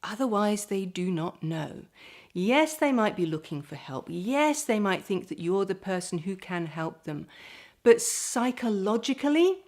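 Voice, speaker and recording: A middle-aged woman, a speaker coach, giving presentation tips straight to the camera and demonstrating calm and lively voice patterns. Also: mid-range voice, a little slow. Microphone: camera mic, standing.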